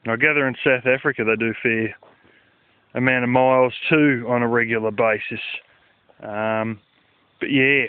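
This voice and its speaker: A man's voice: mid-range voice, steady tone, moderate pace, long pauses, clean tone, no echo. A man, talking casually in a rambling vlog, swearing and using lots of fillers, recorded outdoors at night. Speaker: vlogger. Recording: dry, phone-like lo-fi sound.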